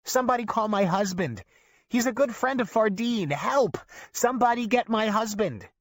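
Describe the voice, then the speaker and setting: A man's voice: high voice, expressive, moderate pace, no room sound, clean studio sound, voice pushed up. A man doing a shrieking, frantic old grandma. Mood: screaming. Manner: screaming, frantic.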